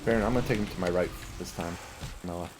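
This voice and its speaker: Low-voiced man calling out raid instructions. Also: noisy background. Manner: brisk, directive callouts. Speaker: raid leader. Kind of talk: calling instructions during an online game raid.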